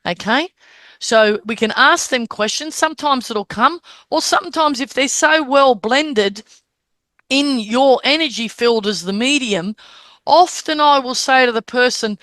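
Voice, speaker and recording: Explaining to her listeners how to recognise spirit communicators, a woman medium frequently asks "Okay?" and performs the spirits' words and gestures as she teaches. She speaks a little slowly in a high-pitched, slightly bright voice, recorded dry.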